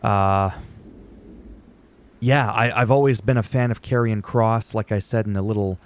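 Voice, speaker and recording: A man's voice: lowish voice, fairly even intonation, a little slow. A middle-aged man hosting a casual wrestling recap, rambling and chatty, joking at his own expense. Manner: rambling, chatty, laughs at himself.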